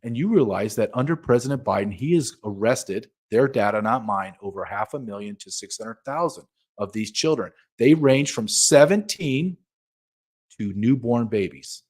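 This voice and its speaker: A middle-aged man talks as an interview guest, with an average, mid-range pitch. His delivery is urgent and emphatic. He presses each point hard and insistently. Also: animated, moderate pace. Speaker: guest, former border agent. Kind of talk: impassioned interview talk.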